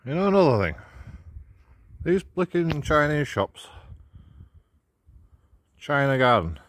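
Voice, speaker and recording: A man's voice: fairly high pitch, big pitch swings, slow, long pauses, a bit bright. A man, walking outdoors and giving mocking commentary to his phone camera while laughing at his own jokes. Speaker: vlogger. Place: outdoors on city streets.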